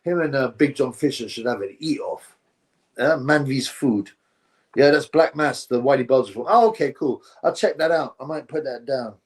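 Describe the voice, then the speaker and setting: Male stream host, relaxed rambling chat delivery. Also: medium pitch, moderate pace. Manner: rambling, drifts between topics, says "bro" often. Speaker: livestream host reading chat. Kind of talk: casual live-stream chat.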